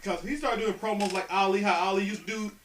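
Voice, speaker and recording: Man, casual chat, high lively voice, bright, roomy and off-mic. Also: quick pace, recorded from a distance, slight background noise. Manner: animated, laughs loudly. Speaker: podcast co-host.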